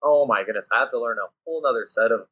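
A man, a volleyball coach, chatting casually in a podcast interview and acting out lively classroom scenes. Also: mid-range voice, rapid-fire, husky. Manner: animated storyteller acting out his players and himself. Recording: dull lo-fi audio.

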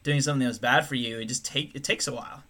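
A man's voice: medium pitch, steady tone, rapid-fire, sharp tone. A man co-hosting a podcast in crude, joking casual chat, often breaking into laughter. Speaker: podcast co-host.

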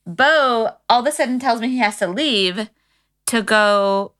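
A woman in her thirties co-hosting a podcast, telling stories in casual chat and leaping into high voices when she quotes. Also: a little slow. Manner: animated storyteller, jumps into high voices when quoting. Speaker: podcast co-host.

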